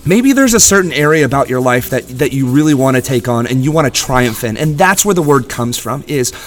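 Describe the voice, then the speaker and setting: A man's voice: medium pitch, animated, brisk. A young man co-hosting a casual motivational podcast from a gym, earnest and encouraging, swearing casually as he talks. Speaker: podcast co-host.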